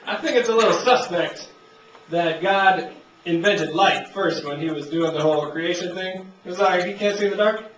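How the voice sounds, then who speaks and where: High-voiced man doing stand-up, distant and roomy. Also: moderate pace, fairly bright tone, a little hiss or hum. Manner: laid-back rambling delivery, acts out characters in raised voices. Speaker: stand-up comedian. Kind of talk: stand-up comedy set. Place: comedy club stage. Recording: distant, roomy, muffled amateur club recording. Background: audience laughter.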